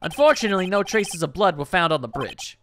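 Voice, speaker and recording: A man voicing an eager, slightly dim male police detective who answers "yes, sir" loudly. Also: high voice, expressive, fast, noisy background.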